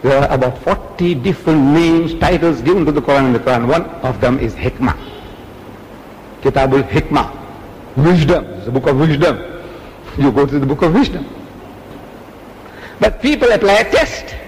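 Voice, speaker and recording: A man's voice: fairly high pitch, animated, moderate pace, pauses often, slight background noise. A man preaching an Islamic lecture, telling stories with acted quotes and firing off rhetorical questions. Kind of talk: public religious lecture. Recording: echoey hall, faint ambience.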